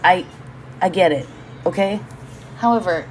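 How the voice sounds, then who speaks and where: A woman from Hawaii hosts a podcast from her home. Her voice sits a little low. She talks candidly, swears without hesitation and wanders off into rambling side rants, with a faint hiss of noise underneath. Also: measured pace. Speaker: podcast host. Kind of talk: casual solo podcast monologue.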